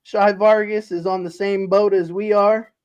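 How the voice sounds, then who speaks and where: Breathless, stammering excited man. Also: high voice, moderate pace, clean tone, lo-fi sound. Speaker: podcast co-host. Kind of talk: excited post-game chat.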